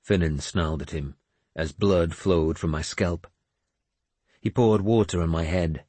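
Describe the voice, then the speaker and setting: A man narrating a first-person audiobook in a measured, expressive way on a close studio mic. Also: sits low, no room sound.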